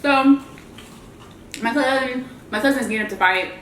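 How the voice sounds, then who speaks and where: A woman vlogger telling a story in a chatty, animated way while she eats, and she calls her viewers y'all. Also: sits high, moderate pace, reverberant, a little hiss or hum, poor audio. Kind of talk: casual storytelling while eating.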